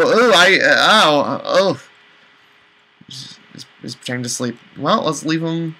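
Slow-talking, bright-voiced man in game commentary. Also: rough recording. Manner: exasperated, swings into high panicked outbursts and swearing. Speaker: gaming channel host. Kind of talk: let's play commentary.

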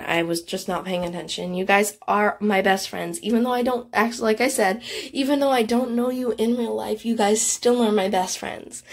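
A female YouTuber giving casual gameplay commentary, excitable and giggly, gasping and chatting straight to her viewers. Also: medium pitch. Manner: excitable and giggly, gasps and squeals; chatty, speaks directly to viewers. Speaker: gaming YouTuber.

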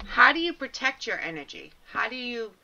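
Woman cohost reading chat questions, bright voice, kinda dull lo-fi sound. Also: on the high side, sing-song, moderate pace, roomy sound. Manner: brief, agreeable replies. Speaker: co-host reading listener questions. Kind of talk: casual radio chat.

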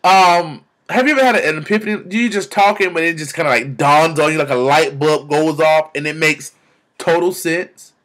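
A young man vlogging about faith, exclaiming and repeating words in bursts of excitement, talking into a camera. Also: on the high side, moderate pace. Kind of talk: excited spiritual vlog testimony.

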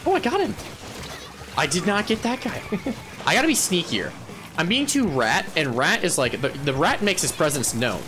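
A man streaming a game live, chatting to viewers in a playful, goofy way, laughing often and yelling when he wins. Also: high voice, big pitch swings, moderate pace, background noise. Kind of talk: casual live gameplay chatter.

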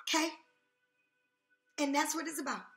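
A woman with a bright, high voice gives an emphatic tarot reading. She keeps repeating phrases and checking in with her listener. Her voice rings in an echoey room with soft music under it. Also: normal speed. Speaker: tarot reader. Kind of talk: casual tarot reading to camera.

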